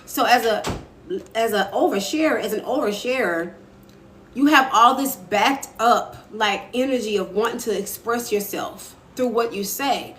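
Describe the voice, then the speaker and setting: A woman's voice: fairly high pitch, a little slow, fairly bright tone. A young woman talking casually to viewers on a live stream, answering their comments as she goes. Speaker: author and live-stream host. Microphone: phone. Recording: echoey room with faint ambient noise.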